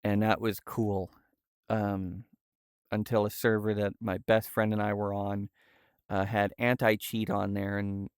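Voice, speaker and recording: Streamer, young man, low clear voice, slow and halting, soft-spoken, dry close sound. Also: level tone, dry recording. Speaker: livestreamer. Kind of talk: casual livestream chat. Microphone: VR headset setup.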